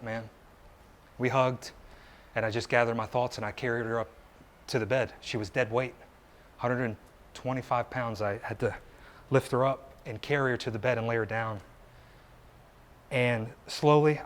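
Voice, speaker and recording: A man's voice: medium pitch, moderate pace, long pauses, a little hiss or hum. A man in his thirties gives a personal story speech to a live audience at an indoor meetup, earnest and conversational, asking the crowd rhetorical questions. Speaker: motivational speaker.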